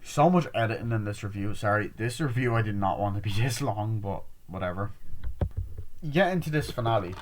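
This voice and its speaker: A young man giving a casual, rambling movie review, swearing freely and acting out scenes in quick quoted voices. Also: on the low side, animated, a little hiss or hum.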